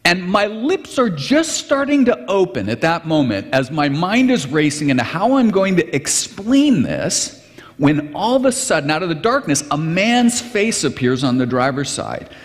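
A pastor tells a story during a sermon in a conversational, animated manner. His fairly high voice rises and falls a great deal, and he often restarts his sentences. A long reverb fills the large hall around him. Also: normal speed.

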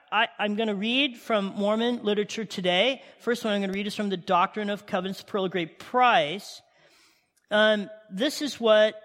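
High voiced guy pastor preaching, echoey church hall, keeps asking the crowd stuff. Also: sharp tone. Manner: emphatic, conversational preaching with questions to the congregation. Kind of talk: sermon. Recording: reverberant hall sound.

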